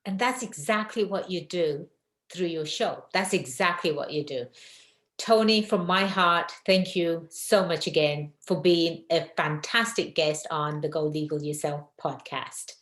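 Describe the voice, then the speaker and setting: A woman with an English accent hosting a podcast, effusive and quick to laugh. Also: low voice. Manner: warm and effusive, laughs often. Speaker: podcast host. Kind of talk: casual interview chat. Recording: roomy echo.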